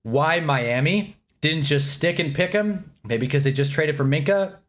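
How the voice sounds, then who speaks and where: A man's voice: on the high side, a little slow, fairly bright tone. Annoyed man ranting on a live stream. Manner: rambling, annoyed and joking, talks while eating. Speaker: streamer reacting live to a football draft. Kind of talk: casual live-stream reaction.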